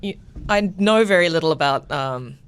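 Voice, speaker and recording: A woman's voice: deep voice, animated, normal speed, clear, resonant tone. A woman co-hosting a gaming podcast, asking hesitant, self-deprecating questions. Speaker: podcast co-host. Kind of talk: casual chat.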